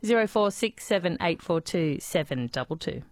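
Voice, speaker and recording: A woman hosting a casual talkback radio show, bubbly and quick with questions. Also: on the low side, animated, no echo, studio quality. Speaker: radio host. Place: radio studio.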